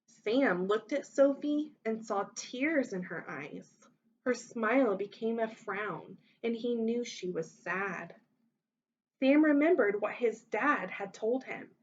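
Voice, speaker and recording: A woman teacher reading a children's story aloud, voicing the characters with big expressive lifts in pitch. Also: slow, muffled recording.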